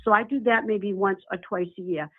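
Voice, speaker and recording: A woman's voice: medium pitch, steady tone, fairly quick. An older woman who runs an animal rescue, chatting affectionately on a phone call and calling people honey and darling. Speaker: animal rescue nonprofit founder. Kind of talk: casual phone chat. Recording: tinny phone line.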